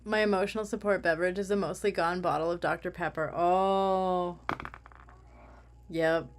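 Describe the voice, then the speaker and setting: A woman's voice: on the low side, fast talker, a little hiss or hum. A woman craft vlogger chatting casually while she works, rambling with self-mocking humor.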